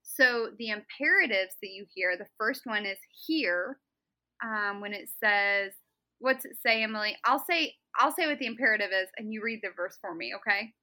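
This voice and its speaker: A young woman co-hosts a casual Bible study podcast, bubbly and giggly as she explains the text. Her voice has a medium pitch, a normal speed and a sharp tone, and the recording is rough.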